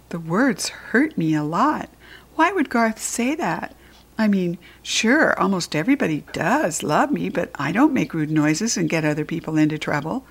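A woman reads a children's story aloud with an expressive, lively delivery. Her voice sits slightly low for a woman. She reads it as storytelling. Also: normal speed, gravelly, slightly rough. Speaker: narrator reading a children's book.

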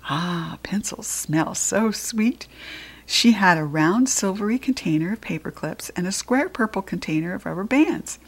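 A woman reading a children's story aloud in the first person, in a lively, expressive and playful way. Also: fairly low pitch, normal speed, few pauses, husky. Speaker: audiobook reader.

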